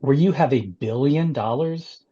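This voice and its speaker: Dark husky-voiced man chatting as podcast guest. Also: medium pitch, a little slow, lo-fi sound. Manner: animated, repeats words, laughs often. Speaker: congressional candidate, guest. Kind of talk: casual podcast conversation.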